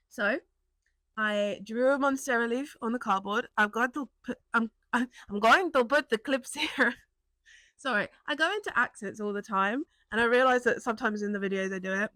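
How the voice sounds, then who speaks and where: A young British woman chatting casually in a vlog about her small craft business, rambling and laughing often and jumping up into high excited tones. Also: moderate pace, dry recording. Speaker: small business owner and vlogger.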